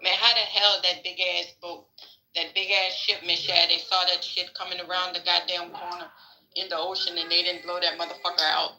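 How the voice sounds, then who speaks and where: A woman's voice: on the low side, flat delivery, normal speed, pushed and bright, poor audio. A woman doing a cussing old Louisiana grandpa. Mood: incredulous. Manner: cussing, incredulous storytelling. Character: older Louisiana man, blunt and profane grandfather.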